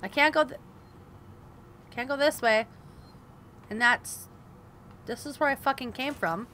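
Young woman, high bright voice, cursing gameplay commentary, faint hiss behind. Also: a little slow. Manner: frustrated, swearing, talking to herself and viewers. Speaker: gaming video host.

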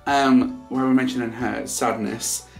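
A man's voice: medium pitch, steady tone, measured pace, gravelly, soft background music. A young man chatting on a vlog, teasing his partner and rambling through stories. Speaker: vlogger. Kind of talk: casual chat.

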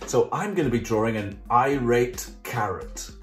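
A man's voice: medium pitch, expressive, measured pace. Playful man teaching kids to draw. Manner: chatty, playful, jokey step-by-step explaining. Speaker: children's art club host. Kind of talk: drawing tutorial for kids. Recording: roomy sound with faint music.

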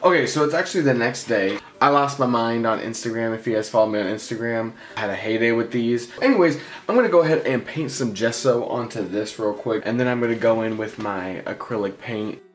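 A young man chatting excitedly while he makes a craft project in a casual vlog. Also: mid-range voice, fairly quick, hardly any pauses, faint music behind. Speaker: craft vlogger.

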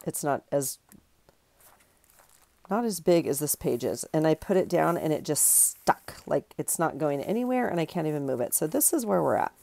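A woman's voice: deep voice, expressive, normal speed, gravelly, mellow. A middle-aged woman hosting a craft video, chatting in a rambling, giggly way and correcting herself as she works. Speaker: craft channel host. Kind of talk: casual chat while crafting.

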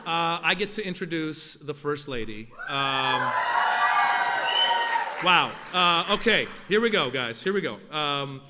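A man's voice: on the high side, expressive, takes it slowly. A man from Iran, raised in Northern California, doing stand-up as an event host with playful, punchy delivery. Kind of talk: stand-up comedy at a formal event. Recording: echoey hall with faint noise.

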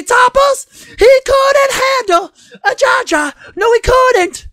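A man's voice: very high-pitched, sharp tone, no echo, clean studio sound, exaggerated voice. A man voicing a goofy, giddy male alien creature sidekick who whoops, sings and jokes crudely on a podcast. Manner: squealing, whooping, sing-song and crude. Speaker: co-host. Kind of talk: podcast comedy bit. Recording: music playing under the voice.

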